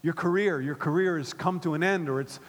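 A middle-aged pastor preaching a sermon in a church, animated and repetitive, dropping to soft asides between louder points. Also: male voice, a little high, a little fast. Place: church auditorium. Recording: long reverb of a large hall.

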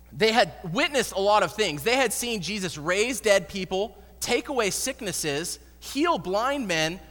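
A man preaching a sermon in an animated, slangy storytelling manner, recorded in an echoey hall. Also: sits high. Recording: echoey hall with long reverb.

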